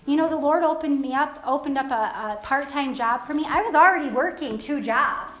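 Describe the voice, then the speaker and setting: Female preacher, high voice, chatty and emphatic, roomy church sound. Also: brisk, hardly any pauses, a bit bright. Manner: conversational, emphatic preaching with asides. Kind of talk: sermon. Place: church service.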